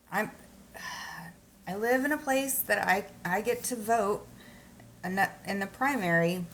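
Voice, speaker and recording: Sleepy woman on a home livestream, talks slow, venting and saying hi to chat, faint hiss behind. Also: medium pitch, a bit bright. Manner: sleepy, frustrated ranting, greeting viewers. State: just woken up, sleepy. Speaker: livestream host.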